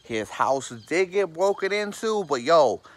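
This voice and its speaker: In a comedic sketch monologue, a man with a fairly high, very animated voice talks a little slowly. He rambles on, repeating filler phrases like "for real" and "or whatever" again and again.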